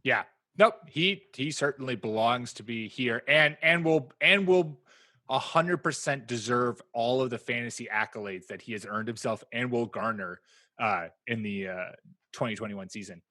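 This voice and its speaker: A man in casual podcast chat, his voice bright and forceful. He jokes around and jumps into excited bursts. The close mic is dry with no room sound. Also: medium pitch, no room sound. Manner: excitable, joking, quick bursts of enthusiasm. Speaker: podcast co-host.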